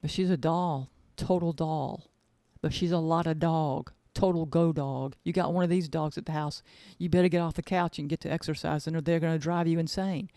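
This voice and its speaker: A woman's voice: deep voice, fairly even intonation, moderate pace, mellow, dry recording. A woman hosting her own podcast as an author, chatting casually in a gushing, rambling way and repeating words for emphasis. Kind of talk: casual chat.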